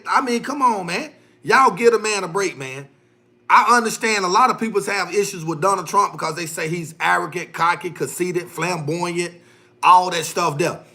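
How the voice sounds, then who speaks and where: Heated high-voiced man ranting on a livestream. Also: gravelly, pushed and bright. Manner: heated, repetitive, slangy, loose grammar. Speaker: livestream host. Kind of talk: casual livestream rant.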